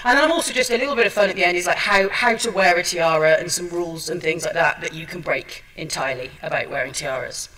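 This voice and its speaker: A woman's voice: fairly low pitch, quick pace, few pauses, fairly bright tone, recorded from a distance, rough recording. A woman giving a chatty, self-deprecating seminar talk, with many ums and restarts. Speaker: seminar speaker. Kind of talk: chatty presentation. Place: seminar room at a trade show.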